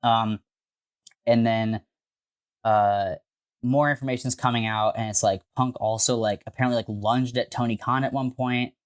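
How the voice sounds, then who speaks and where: A man's voice: mid-range voice, normal speed, clear, resonant tone. Chatty man recapping with lots of "like". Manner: animated, swearing, frequent "like" and "um". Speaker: podcast co-host. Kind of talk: casual podcast storytelling.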